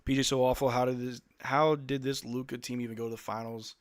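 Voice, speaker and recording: A man's voice: medium pitch, little pitch movement, a little fast. A male live-stream host giving casual fan play-by-play commentary in a blunt, exasperated, slangy way.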